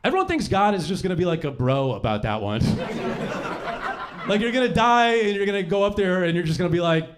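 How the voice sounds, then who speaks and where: A young man works a comedy club crowd, his voice riding high and swinging wide as he riffs. The live recording is noisy, and his delivery is profane, with sudden shouted bits. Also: very animated, fairly quick. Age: young adult. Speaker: stand-up comedian. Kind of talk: stand-up comedy set. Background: audience laughter.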